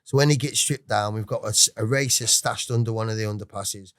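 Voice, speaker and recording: A man's voice: fairly low pitch, a little fast, a bit bright, no room sound, clean studio sound. Swearing English man in his forties. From England. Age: 40s. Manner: rambling, heavy swearing, frequent restarts. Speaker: podcast guest. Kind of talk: casual storytelling interview.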